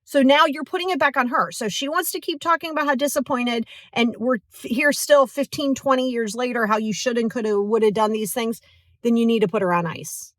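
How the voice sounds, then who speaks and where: Animated woman podcast host, bright high voice. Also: fairly quick, no echo, clean studio sound. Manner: animated, acts out quoted voices; casual, filler-heavy, checks in with "right?". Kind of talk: motivational podcast talk.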